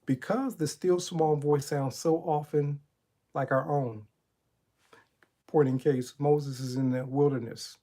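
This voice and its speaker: A middle-aged man gives a spiritual motivational talk, his voice pitched a little high but warm and mellow. He speaks like a preacher, retelling Bible stories and posing rhetorical questions to the listener. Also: fairly even intonation, slow pace. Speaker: motivational coach and channel host.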